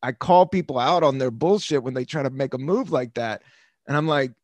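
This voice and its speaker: Medium in pitch and a little fast, this American podcast host in his fifties is heard in a dry recording. He rambles through stories in a casual monologue, laughing a lot and swearing freely.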